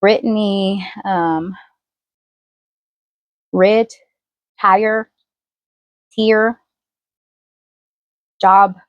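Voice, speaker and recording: A woman in a casual tarot reading, talking loosely and chattily with plenty of fillers. Her voice sits at an ordinary middle pitch, and the sound is close and dry with no room around it. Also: fairly even intonation, drawn-out words, pauses often, no room sound. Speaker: tarot reader.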